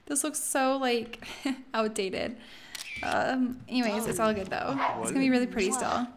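A young woman talks through her gameplay in a casual, chatty way, her voice sitting a touch high. She gets excitable, breaking into laughs and little squeals as she reacts to what happens on screen. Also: unhurried, a crowd in the background. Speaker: let's play host.

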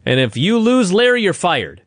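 A brash, bossy male wrestling booker, put on by a man recapping a show, talking in a pushy, taunting sing-song. The voice sits high and swings wildly. The sound is dry and close. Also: very animated, moderate pace, no echo.

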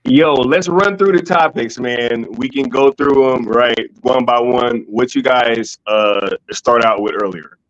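A man's voice: medium pitch, a little slow, hardly any pauses, no echo. A man joining a live stream as a guest, talking in a hyped, slangy way with a few stammers. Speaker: guest from another channel. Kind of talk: casual live-stream chat. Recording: dull dry remote mic.

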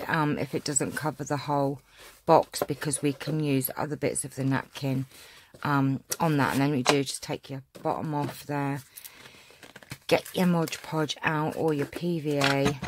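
Low-voiced woman hosting a craft tutorial. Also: a little hiss or hum. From England. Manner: chatty, homely, frequent "um" and throat clearing. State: slightly hoarse, losing her voice. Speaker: craft channel host.

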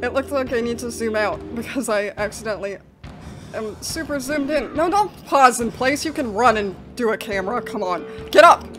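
A young woman hosting a gaming video comments on a horror game as she plays, with game music in the background. Her voice is on the high side at normal speed, jittery and panicky, and she keeps breaking into nervous laughter.

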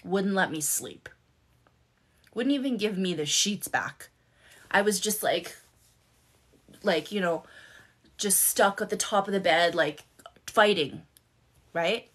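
A woman's voice: medium pitch, lively intonation, slow pace, pauses often, a bit bright. A middle-aged woman telling her own story on a live stream, candid, swearing freely and repeating words for emphasis. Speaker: life coach and content creator on a live stream.

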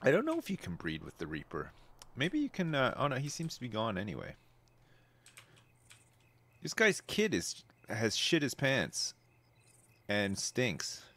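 A man giving casual, wry commentary while playing a life-sim game, laughing often and swinging between amused outbursts and low mutters. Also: wildly swooping pitch, unhurried, pauses often, fairly bright tone.

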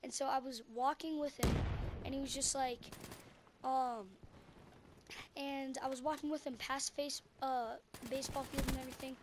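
A woman's voice: sits high, level tone, moderate pace, noisy background. A woman telling a story casually to camera, rambling and full of ums and self-corrections, on a headset mic. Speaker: video creator.

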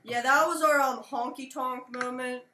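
Giggly Maryland woman playing games with a friend; bright voice, roomy recording. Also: sits high, steady tone, moderate pace. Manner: giggly, curses casually. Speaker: gamer. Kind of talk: casual gaming chat.

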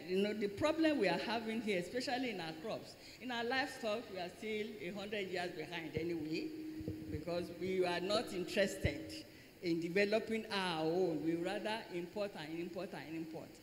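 An older woman, a professor, making an earnest comment from the audience with some fillers. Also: mid-range voice. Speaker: professor asking a question. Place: large lecture hall. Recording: echoey hall, faint noise.

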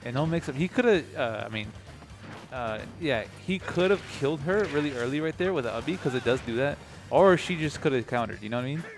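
A young man commentating a live video game tournament, excitable, laughing often and repeating himself, his voice tired and low. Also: brisk. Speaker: esports commentator. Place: gaming tournament at a sports center. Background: music.

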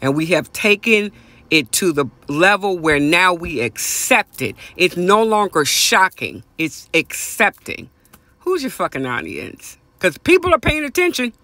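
A man hosting a podcast, delivering a passionate, profane opinion rant that repeats phrases for emphasis and swings from high exclamations to low mutters. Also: huge pitch swings, a little slow, pushed and bright, no echo. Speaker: podcast host. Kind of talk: ranting opinion monologue.

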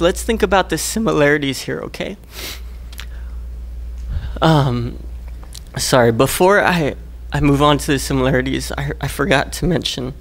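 A man's voice: fairly high pitch, a bit bright. A young man preaching a sermon to a church, earnest and conversational, often checking in with the listeners. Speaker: guest preacher.

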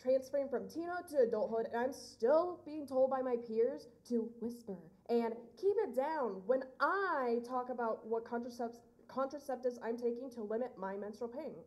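A woman's voice: fairly high pitch, normal speed, few pauses, darkish tone. An eighteen-year-old woman performing spoken word poetry on stage, earnest and rising to firm emphasis. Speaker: slam poet. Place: live poetry event on stage.

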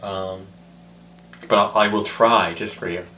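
A man's voice: on the low side, steady tone, measured pace, pushed and bright, a little hiss or hum. A tipsy man rambling in a casual, self-mocking vlog. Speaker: vlogger.

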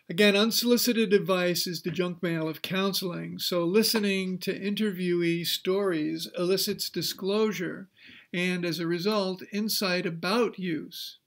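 A man lectures at a counseling workshop in a measured teaching voice, pausing now and then on small fillers. His voice sits a little high and carries a gravelly fry.

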